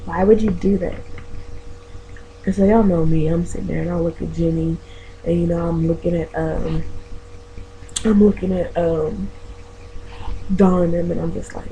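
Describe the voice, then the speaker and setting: A woman's voice: on the low side, steady tone, normal speed, long pauses, warm tone, a little hiss or hum, poor audio. A woman vlogger telling a story to her viewers in a chatty, profane way, calling them y'all. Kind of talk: casual storytelling vlog.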